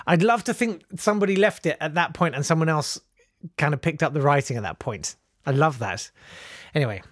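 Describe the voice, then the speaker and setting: Casting: podcast host, comic reading, dry close sound. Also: male voice, medium pitch, husky, no room sound. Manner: breaks off into jokey asides.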